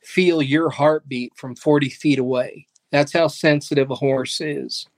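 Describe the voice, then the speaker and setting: A pastor and guest in a casual interview, speaking in an earnest, faith-driven storytelling way. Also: male voice, fairly high pitch, fairly even intonation, a little slow, dry recording. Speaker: pastor and ministry leader, guest.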